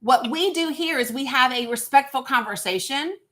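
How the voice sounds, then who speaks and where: A firm, blunt woman hosts a live call-in stream and holds callers to her rules. Her voice sits a little high and sounds bright and forceful. She speaks with steady authority. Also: normal speed. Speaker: host.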